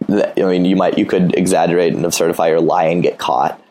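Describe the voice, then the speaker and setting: Gravelly deep-voiced man giving blunt advice. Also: steady tone, brisk, mellow, low-quality recording. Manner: blunt, profane, acts out dialogues. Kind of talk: casual advice talk.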